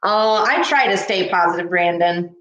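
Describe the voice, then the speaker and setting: A woman's voice: lowish voice, expressive, moderate pace, a bit bright, lo-fi sound. A woman hosting a live baking stream from her kitchen, chatting and explaining each step with jokes. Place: home kitchen. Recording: echoey kitchen room.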